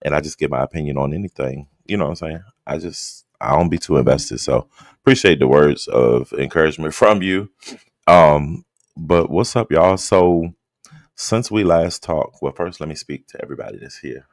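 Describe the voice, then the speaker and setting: A man hosting a casual late-night livestream, greeting his chat by name in a relaxed, just-woke-up drawl. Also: very deep voice, moderate pace, no echo, studio quality. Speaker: livestream host.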